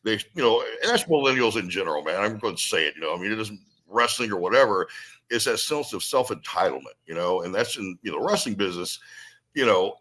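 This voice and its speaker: A man's voice: fairly low pitch, fast talker. A man telling blunt, salty wrestling stories in casual talk. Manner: blunt, salty, animated storyteller. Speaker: retired wrestler guest. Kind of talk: casual storytelling chat.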